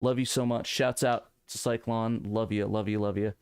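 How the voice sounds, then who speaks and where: A man co-hosting a casual live stream, easily excited and bursting into laughing exclamations. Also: fairly low pitch, normal speed, smooth, no room sound. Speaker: podcast co-host.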